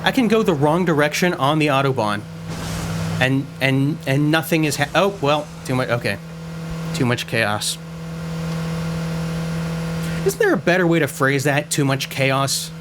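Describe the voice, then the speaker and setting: A man talks his way through a clumsy driving game from his messy room, self-mocking and prone to tripping over his words. His voice sits a little high for a man. Loud car and engine noise from the game runs under his voice. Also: animated, a little slow, pauses often. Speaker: let's-play gamer. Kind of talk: casual gameplay commentary. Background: loud car and game sounds.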